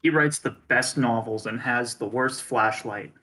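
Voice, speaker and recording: A man's voice: medium pitch, a little slow, pushed and bright. A young man co-hosting a casual gaming stream, matter-of-fact with dry quips. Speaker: stream co-host. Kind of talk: casual gaming livestream chat.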